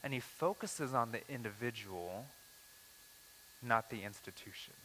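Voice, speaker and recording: Bright-voiced male preacher in a reverberant hall. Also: medium pitch, unhurried, slight background noise. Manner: conversational preaching, acts out quoted lines, uneven pace. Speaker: pastor. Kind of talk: sermon.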